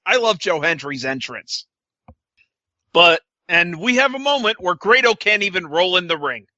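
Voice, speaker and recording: A man's voice: sits high, very animated, normal speed, pushed and bright, dry recording, lo-fi sound. A man co-hosting a podcast, recapping wrestling in casual chat with a sarcastic, swearing manner. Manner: sarcastic, swears, quotes wrestlers in put-on voices. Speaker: podcast co-host.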